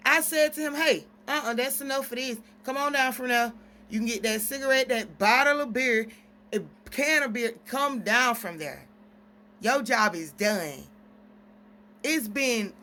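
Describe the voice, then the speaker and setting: A woman's voice: fairly high pitch, bright, forceful tone. A woman venting at length in a casual vlog, rambling through stories with quoted exchanges. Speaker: single mom vlogger.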